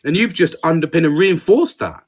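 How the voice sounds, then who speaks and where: A man with a slightly raised pitch, chatting candidly on a podcast. He swears freely and is frank about his own failings. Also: lively intonation, a little fast. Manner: candid, sweary, self-critical. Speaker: podcast co-host. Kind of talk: casual podcast chat.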